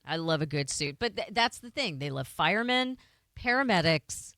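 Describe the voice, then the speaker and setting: A woman's voice: on the low side, expressive, pushed and bright, dry recording, studio quality. An American woman co-hosting a radio show, chatting and telling playful stories. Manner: chatty, quick, playful storyteller. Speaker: radio co-host. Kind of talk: casual radio chat.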